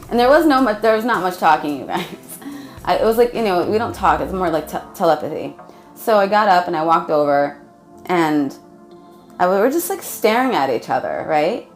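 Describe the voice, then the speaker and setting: A woman telling a spiritual story to her viewers in a rambling, casual way, with many fillers and laughs. She says she is exhausted. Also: lowish voice. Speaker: spiritual vlogger.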